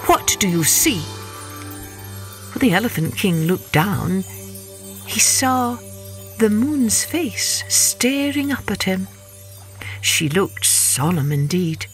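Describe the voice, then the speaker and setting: A woman narrates a children's story at a slow, unhurried pace, her voice gentle and expressive. Her pitch sits in an ordinary middle range, and soft music plays faintly beneath her.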